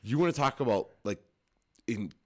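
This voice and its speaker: A man's voice: medium pitch, lively intonation, moderate pace, darkish tone. A man co-hosting a podcast in casual, joking banter with lots of laughter and some swearing. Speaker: podcast co-host. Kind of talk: casual chat. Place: home studio.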